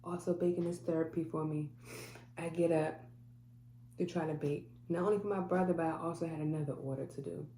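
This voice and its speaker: A woman's voice: low-pitched, fairly even intonation, brisk, warm tone. A woman telling a personal story to camera in an earnest way, acting out what others said. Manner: earnest, quotes people in dialogue. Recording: echoey room with faint hum.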